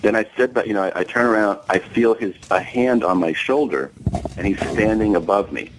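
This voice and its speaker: A man's voice: lowish voice, fairly quick, slight background noise, rough recording. A male comedian telling a profane anecdote on a talk show, acting out the dialogue and laughing along the way. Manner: animated, profane, acts out quoted dialogue, laughs mid-story. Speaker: guest comedian.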